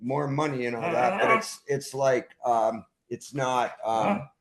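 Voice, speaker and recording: A man's voice: medium pitch, lively intonation, measured pace. An older man, a punk band frontman, talking casually as a podcast guest, rambling and often cutting himself off mid-thought. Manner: rambling, self-interrupting, trails off. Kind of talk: casual conversation. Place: at home, dog nearby.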